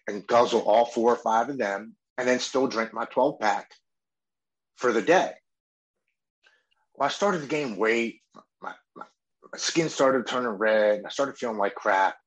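A man's voice: mid-range voice, moderate pace, low-quality recording. A man in his thirties earnestly telling his own story of addiction and recovery, often quoting what he said and thought. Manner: earnest, emotional storytelling with quoted inner speech. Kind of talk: personal recovery testimony.

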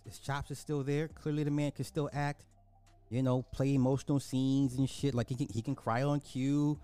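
A man's voice: mid-range voice, dark tone. Emphatic man reviewing a movie. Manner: emphatic, repeats points for effect. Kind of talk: casual livestream movie review.

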